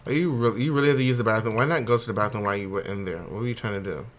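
A man's voice: on the low side, rapid-fire, a little hiss or hum. A man hosting a casual let's play, rambling, swearing and talking to his characters, sleepy and yawning. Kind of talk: casual gameplay commentary.

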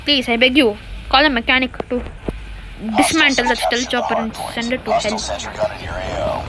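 A woman giving excitable live gameplay commentary for her video channel, repeating phrases and trash talking. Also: high voice, moderate pace, heavy background noise. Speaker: gaming video creator. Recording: loud game gunfire and explosions under voice.

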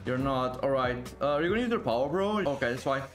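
A man giving excited live gameplay commentary, exclaiming often and repeating words in quick bursts. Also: medium pitch, over music. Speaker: gaming video creator.

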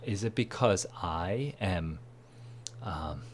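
A tired man with a lowish voice talks through a reading passage, thinking aloud in a musing, low-energy way. Faint noise hums underneath the recording. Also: lively intonation, takes it slowly. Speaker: test prep tutor.

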